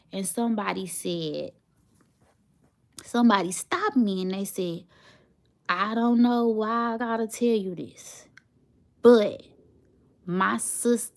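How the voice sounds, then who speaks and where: A woman, telling a personal story to her viewers in a heartfelt, emotional way. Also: medium pitch. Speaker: vlogger, single mother.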